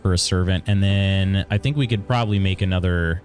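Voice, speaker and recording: A man's voice: low-pitched, fairly quick, faint music behind. A man streaming a video game live, chatting casually and thinking aloud as he plays. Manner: relaxed, chatty, thinks aloud while playing.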